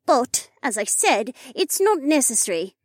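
Guy putting on a bubbly young nurse lady, squeaky high voice, bouncy, dry sound. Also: sing-song, unhurried, dry recording, heavily acted. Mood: reassuring. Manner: chirpy, reassuring. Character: young cheerful female nurse.

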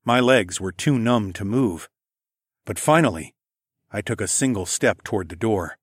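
A man reading a first-person story aloud in a quiet, intimate way. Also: lowish voice, lively intonation, moderate pace, breathy edge, no room sound, studio quality. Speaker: audiobook narrator.

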